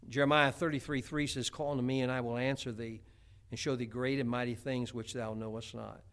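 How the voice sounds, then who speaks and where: A man's voice: medium pitch, little pitch movement, a little fast, fairly bright tone, smooth. A middle-aged man preaching a homespun sermon, chatty, with many stammered restarts. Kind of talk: folksy sermon.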